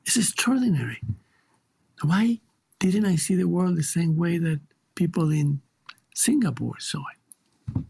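A man's voice: a little high, animated, a little slow, vocal fry, long pauses, darkish tone, slightly rough. A man with a Chilean Spanish accent, a guest teacher speaking reflectively and emphatically in an interview, often repeating words for stress.

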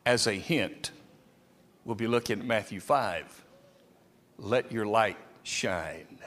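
A man preaching a sermon with a lively, dramatic delivery, sometimes acting out quotes. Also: fairly low pitch, slow. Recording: long reverb of a hall.

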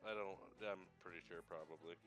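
A man's voice: sits low, fairly even intonation, fast, fairly bright tone, dull audio, soft background music. A young man chatting casually on a podcast, blunt and teasing as he cuts into a friend's story. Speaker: podcast co-host. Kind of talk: casual chat.

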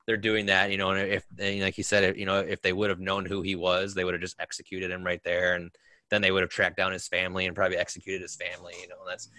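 A low-voiced man with a bright, forward tone recounts his deployments in easy, rambling conversation, padding his stories with fillers. The sound is dry and close. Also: completely flat delivery, quick pace, no room sound. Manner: storytelling with many fillers. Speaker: veteran guest. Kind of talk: casual conversation.

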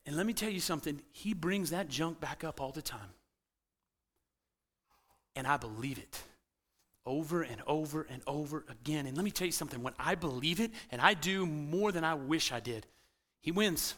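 A man preaching a sermon as pastor to a congregation in a church, animated and swinging between loud emphasis and quiet intensity. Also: a little high, moderate pace. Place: church sanctuary.

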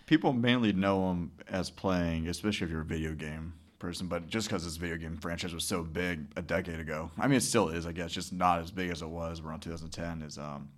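A man's voice: sits low, a little fast, hardly any pauses. A man co-hosting a podcast in casual chat, profane and rambling, laughing often. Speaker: podcast co-host.

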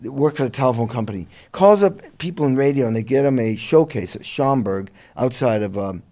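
A middle-aged musician telling his career story in a relaxed interview, lively and a bit profane, laughing along. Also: medium pitch, brisk. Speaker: guest musician.

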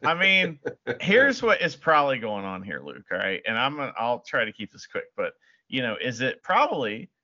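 A man's voice: medium pitch, big pitch swings, normal speed, sharp tone, highs cut off. A man co-hosting a casual podcast, laid-back and laughing, full of "you know" hedges. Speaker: podcast co-host.

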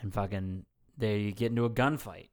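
A man's voice: fairly low pitch, moderate pace. A man co-hosting a casual movie podcast, retelling the plot with lots of swearing and laughter. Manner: animated, swearing, laughs often. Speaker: podcast co-host.

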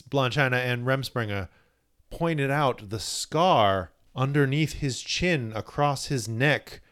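A man talking comics on a podcast, eagerly unpacking lore between laughs. His voice sits at an everyday middle pitch, and the talk is loose and conversational. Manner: enthusiastic, explains lore with laughs. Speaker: podcast co-host. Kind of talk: casual comic book discussion.

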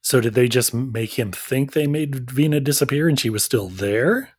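A playful man co-hosting a podcast, quick to laugh as he picks the plot apart in casual chat. He speaks at a middle pitch, recorded close and dry. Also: slightly rough, dry recording. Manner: laughs often, playful, pokes holes in the plot. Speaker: podcast co-host.

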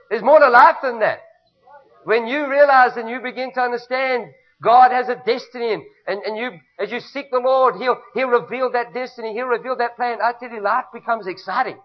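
South African male pastor, very high voice, emphatic call-and-response preaching, muffled lo-fi recording. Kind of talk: sermon. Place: church. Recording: dull lo-fi recording.

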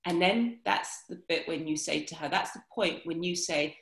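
A woman talking frankly about dating, swearing freely and acting out quoted lines in lively voices. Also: low voice, normal speed, creaky, echoey room, low-quality recording. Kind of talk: casual podcast chat.

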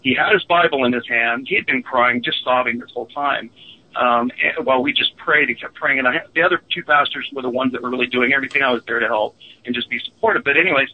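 A man guest telling an earnest, halting personal story with many fillers. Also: mid-range voice. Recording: phone line.

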